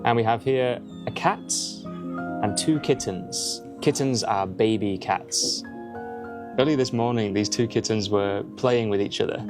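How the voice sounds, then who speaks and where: A young Englishman with a lowish voice gives a chatty, vlog-style English lesson over music, unhurriedly explaining words through examples.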